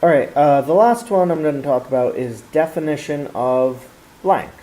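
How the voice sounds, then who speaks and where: Mellow-voiced man teaching a geometry lesson. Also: on the high side, normal speed, low-quality recording. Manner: explaining step by step with fillers and restarts. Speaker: math teacher.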